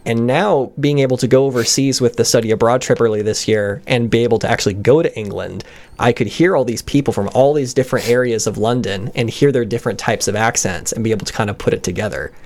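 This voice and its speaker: Young actor guest, casual, chatty, mid-pitched, playful with accents. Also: male voice, quick pace, darkish tone. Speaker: actor guest on radio show. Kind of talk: casual radio interview chat.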